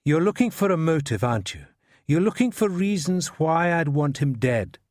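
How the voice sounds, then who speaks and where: A man's voice: fairly high pitch, very animated, moderate pace, darkish tone, no room sound, clean studio sound. An actor playing an evasive older male academic from Scotland, defensive under police questioning.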